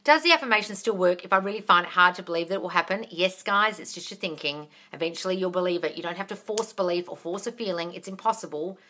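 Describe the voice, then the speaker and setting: Blunt, bright-voiced woman answering viewer questions. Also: on the low side, fast, few pauses. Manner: reads viewer comments aloud and answers bluntly, with frequent swearing; affectionate, calls viewers darling. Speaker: manifestation coach answering live viewer questions. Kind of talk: casual livestream Q&A.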